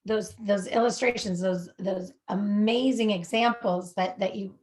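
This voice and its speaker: Woman, podcast host, casual chat, mid pitch, lively, restarts often. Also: unhurried. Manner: lively, chatty, trails off and restarts.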